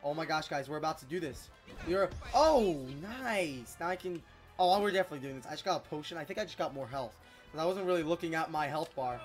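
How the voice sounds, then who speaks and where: A gameplay YouTuber giving casual let's-play commentary in an excitable, chatty way, quick to exclaim. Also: medium pitch, soft background music.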